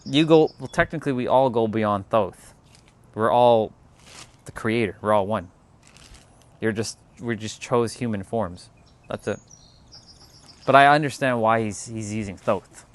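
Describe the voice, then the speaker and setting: A man's voice: lowish voice, unhurried, long pauses. A man from Canada, chatting casually on a livestream, rambling and restarting his words as he answers chat. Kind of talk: casual live-stream chat.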